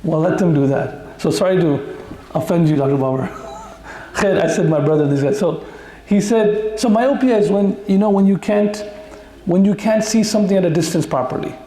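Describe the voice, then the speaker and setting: A man's voice: sits high, moderate pace, dark tone. A male Islamic teacher giving a conversational Quran lesson full of stories and jokes for the audience. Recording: echoey room.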